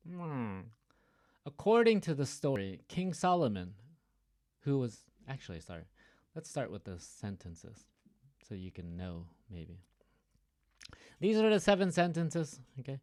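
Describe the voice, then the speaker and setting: A man's voice: on the low side, very animated, measured pace, darkish tone. Casual man teaching an online class. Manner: chatty, stops to explain and joke. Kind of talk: online reading lesson.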